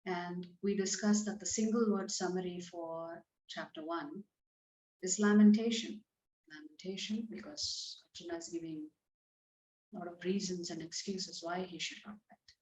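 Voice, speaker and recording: With a steady tone and normal pace, a low-voiced woman explains scripture conversationally, turning verses into everyday words. There's slight background noise, and the room sound is spacious but a bit dull.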